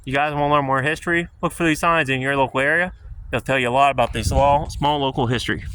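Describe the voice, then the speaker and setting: Bright-voiced chatty man outdoors. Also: mid-range voice, fairly even intonation, quick pace, slight background noise. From central Pennsylvania. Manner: chatty, joking, loosely rambling. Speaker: history vlogger. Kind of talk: casual walking tour vlog. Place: outdoors on a hilltop park.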